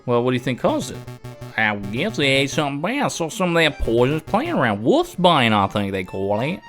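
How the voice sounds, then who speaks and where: A gruff, proud hunting beagle spins a slow tale, voiced by a man reading the game aloud. His pitch swings widely as he draws out each phrase. Faint music sits behind him. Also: wildly swooping pitch, a bit bright. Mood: offhand. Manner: slow, drawn-out storytelling. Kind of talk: video game voice-over reading.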